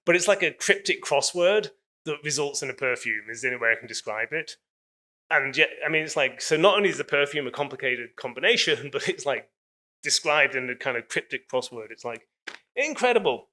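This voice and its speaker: A man's voice: medium pitch, animated, fairly quick, bright, forceful tone. A man giving a public lecture, telling stories in an enthusiastic, chatty way with frequent fillers.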